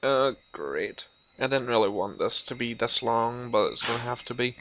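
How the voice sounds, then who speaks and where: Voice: medium pitch, animated, moderate pace, noisy background. A gaming host giving casual, sarcastic, profane commentary while playing a video game. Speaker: let's play host.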